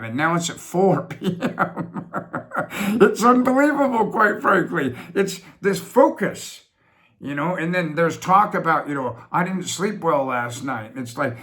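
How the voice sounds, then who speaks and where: Rambling, emphatic middle-aged man, pitched high. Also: bright, forceful tone. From United States. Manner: rambling, repetitive, emphatic with sudden slowdowns. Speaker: business funding host. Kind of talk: reflective monologue. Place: home office.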